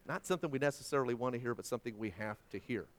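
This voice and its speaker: A middle-aged man preaching a sermon as pastor, swinging between hushed lines and loud, dynamic delivery. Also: mid-range voice, rapid-fire.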